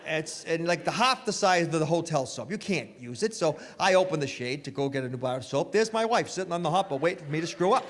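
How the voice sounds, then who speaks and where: A man doing a stand-up comedy set at a live venue, telling self-mocking stories in an animated way. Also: on the high side, quick pace, few pauses. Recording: live stage with hall reverb, faint noise.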